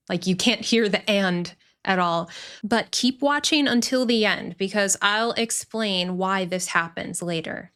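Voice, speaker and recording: A woman teaching English pronunciation, explaining clearly and repeating words deliberately. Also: mid-range voice, a bit bright. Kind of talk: pronunciation lesson.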